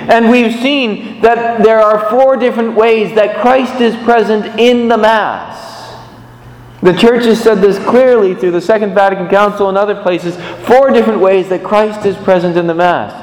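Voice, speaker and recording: Man, fairly high voice, animated sermon storyteller, recorded in a church with long, roomy reverb. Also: normal speed. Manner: animated storytelling with big pitch swings. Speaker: preacher.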